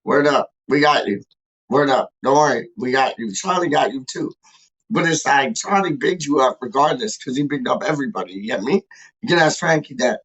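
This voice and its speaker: A man's voice: medium pitch, expressive, brisk, fairly bright tone, husky, lo-fi sound. A man hosting a casual fan livestream, rambling hype talk packed with street slang. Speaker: fan channel host.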